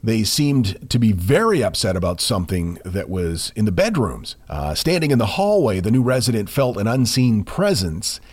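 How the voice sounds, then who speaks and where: Lively male podcast storyteller. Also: on the low side, normal speed, hardly any pauses, breathy edge. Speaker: podcast co-host.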